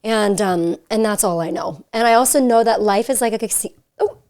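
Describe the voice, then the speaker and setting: A woman's voice: mid-range voice, brisk, a little mellow. A young woman hosting a podcast, talking in a chatty, giggly way full of fillers, recorded in a hotel suite. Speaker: podcast host. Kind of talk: casual chat.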